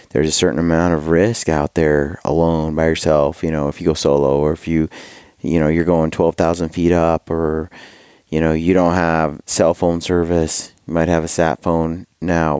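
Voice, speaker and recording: Very deep-voiced laid-back man. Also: darkish tone, smooth, no echo, clean studio sound. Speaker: podcast guest, hunter. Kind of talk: casual podcast chat.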